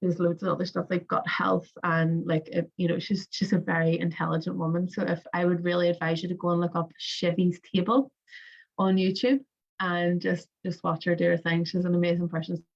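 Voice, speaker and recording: Woman, young adult, lowish voice, rambling breathwork coach, muffled lo-fi audio. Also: little pitch movement, fairly quick, vocal fry. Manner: chatty, rambling, lots of fillers and restarts. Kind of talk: casual spoken instruction.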